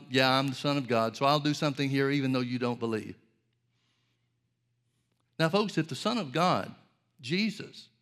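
A man preaching a sermon, earnest and direct, asking rhetorical questions and addressing his listeners as folks. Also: on the high side.

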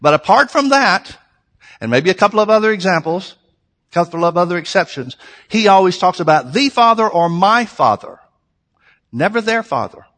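A man's voice: high voice, big pitch swings, moderate pace, a bit bright. A man preaching a sermon to his congregation, earnest and conversational, with emphatic repetition. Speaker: pastor. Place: church sanctuary. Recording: long reverb of a large hall.

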